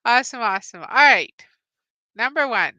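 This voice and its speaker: A woman's voice: a little high, lively intonation, normal speed, sharp tone, no room sound. A woman hosting a live-stream Bible trivia game. She cheerfully greets viewers, reads out their answers and laughs often. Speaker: host.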